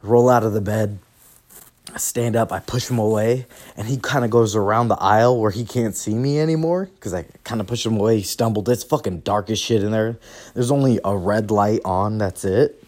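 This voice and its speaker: A man's voice: lowish voice, moderate pace, darkish tone. Young man telling profane, rambling stories. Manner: profane, rambling, laughs through his stories. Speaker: podcast host. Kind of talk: casual solo storytelling.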